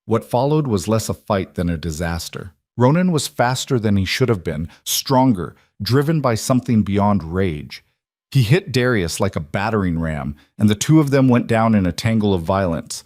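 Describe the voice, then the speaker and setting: A man narrating a paranormal romance audiobook in a dramatic, measured way. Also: fairly low pitch, expressive, darkish tone, no room sound, clean studio sound. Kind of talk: scripted narration.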